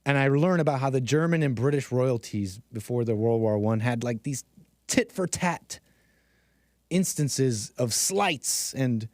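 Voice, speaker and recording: A man's voice: medium pitch, lively intonation, a little slow, darkish tone, dry recording, clean studio sound. A man hosting a casual commentary stream, rambling with frequent restarts and laughing at his own asides. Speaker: host.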